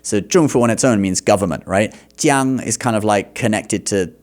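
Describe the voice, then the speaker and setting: Guy teaching chinese over clips, keeps saying okay?, slows way down to demo words, chuckles a lot. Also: on the low side, darkish tone. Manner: explanatory, repeats words slowly to demonstrate; frequent laughs and checking "okay?". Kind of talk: reaction video commentary.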